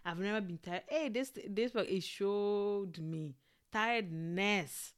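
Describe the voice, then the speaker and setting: A young adult woman telling a personal story in a casual, expressive way, with frequent exclamations. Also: medium pitch, slow, clean tone. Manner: animated and expressive, with exclamations and laughter.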